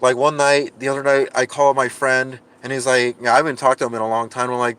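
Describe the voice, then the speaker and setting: A man's voice: medium pitch, level tone, brisk, few pauses, fairly bright tone, clean tone. A man live-streaming from inside his car, reading viewer comments and rambling with frustration, often restarting his sentences and laughing at himself. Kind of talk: casual livestream chat.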